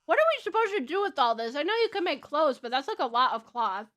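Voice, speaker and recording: High, lively, bright-voiced young woman. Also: fast talker. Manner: giggly, chatty, talks while eating. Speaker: streamer. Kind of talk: casual chat while playing. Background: faint game music.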